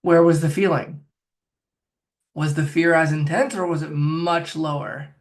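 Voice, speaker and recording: A man's voice: fairly high pitch, steady tone, unhurried. A man working as a phobia coach, talking the listener step by step through a guided self-help exercise. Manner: directive, coaching, talks viewer through steps.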